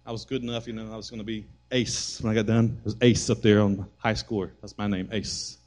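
A man preaching a sermon as pastor in a church, animated storytelling that rises to shouts. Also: lowish voice, brisk. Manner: animated storytelling, acting out voices and shouting at peaks. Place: church sanctuary.

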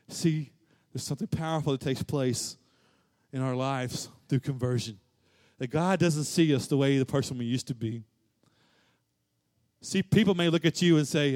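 A man preaching a sermon, rising to loud high peaks and dropping to quiet, low stretches, and repeating phrases for emphasis. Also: moderate pace, pauses often. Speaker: pastor.

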